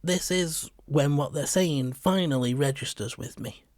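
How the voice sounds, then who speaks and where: A man reading a short story as narrator in a steady, measured way. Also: fairly high pitch, dry recording, clean studio sound. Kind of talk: scripted narration.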